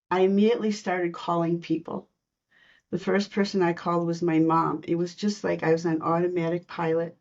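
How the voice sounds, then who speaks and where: Podcast guest: female, slightly low voice, animated storyteller who laughs often; dull, lo-fi sound. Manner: lively storyteller, laughs between lines. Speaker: guest, intuitive reader. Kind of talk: personal storytelling in a podcast interview.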